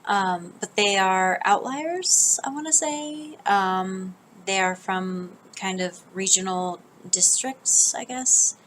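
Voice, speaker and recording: A woman's voice: mid-range voice, slow pace, hardly any pauses, fairly bright tone, slight background noise, low-quality recording. A woman with a General American accent, from the northern United States, telling a rambling, casual story for her vlog with plenty of ums and restarts. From northern United States, near Canada. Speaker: vlogger.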